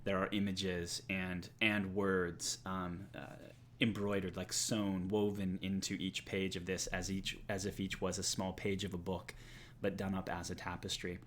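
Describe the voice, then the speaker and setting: A man narrating as game master for a tabletop role-playing game, in a relaxed way with many fillers. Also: deep voice, measured pace, a little hiss or hum.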